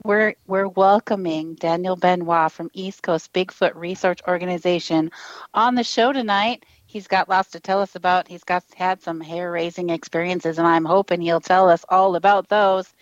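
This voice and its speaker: A woman's voice: on the low side, steady tone, moderate pace, no echo, lo-fi sound. A woman hosting a casual radio talk show, bubbly and laughing often, chatting with callers.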